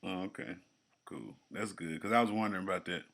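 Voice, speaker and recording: Man co-host, AAVE, bright tone, loose profane banter. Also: low-pitched, brisk. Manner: profane, animated, jokey storytelling. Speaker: podcast co-host. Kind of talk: casual chat.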